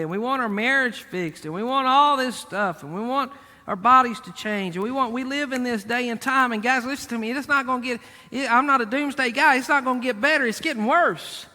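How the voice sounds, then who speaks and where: High, bright-voiced preaching man. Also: big-room sound. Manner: emphatic, repeats key words, talks straight to the congregation. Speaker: pastor. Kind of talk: sermon.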